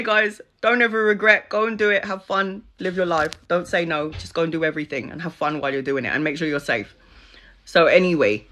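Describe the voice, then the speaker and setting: A woman's voice: fairly low pitch, sharp tone. A middle-aged woman telling a personal story to her viewers in a candid, chatty way, laughing often and swearing freely. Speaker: spiritual content creator.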